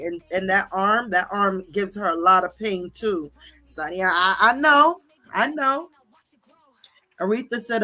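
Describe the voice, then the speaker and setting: A woman's voice: mid-range voice, sharp tone. Profane, heated woman ranting on stream. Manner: profane, confrontational, repeats "okay?" and "bitch". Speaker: livestream host. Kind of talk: heated livestream rant reading viewer comments.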